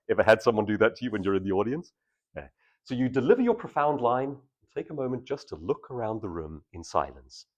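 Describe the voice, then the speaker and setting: A man's voice: fairly low pitch, very animated, fairly quick. A man, a public speaking trainer, giving a live workshop talk to an audience and shifting between intense and casual delivery.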